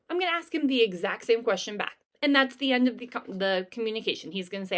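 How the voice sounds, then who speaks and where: A woman's voice: on the high side, expressive, quick pace, few pauses. A woman, a teacher giving an upbeat, chatty first-day talk to her class over a video call, with frequent ums.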